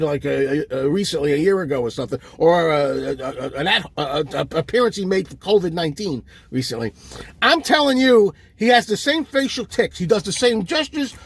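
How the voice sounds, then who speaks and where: Husky, very high-voiced man on a comic rant, exasperated and insulting, pitch leaping all over. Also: animated, moderate pace, dry recording. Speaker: comic ranting host. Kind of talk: comedic rant.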